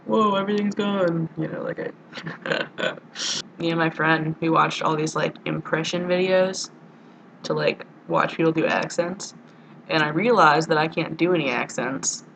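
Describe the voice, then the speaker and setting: A woman's voice: sits low, fairly even intonation, measured pace, vocal fry, fairly bright tone, slight background noise, low-quality recording. A young woman from the United States, chatting casually in a rambling, giggly video diary to a friend. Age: young adult. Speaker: vlogger.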